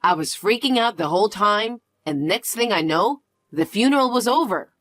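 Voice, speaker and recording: A woman's voice: medium pitch, animated, normal speed, no room sound, faint music behind, lightly acted. A woman voicing an anxious middle-aged mother who is evasive and accusing, in a dramatized story reading. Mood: flustered. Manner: flustered, evasive, guilt-tripping.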